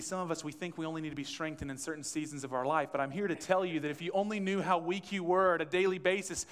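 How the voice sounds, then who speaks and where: This pastor's voice sits on the high side with a fairly bright tone, echoing with the long reverb of a church hall. Preaching conversationally in the sanctuary, he acts out quotations and asks the room questions.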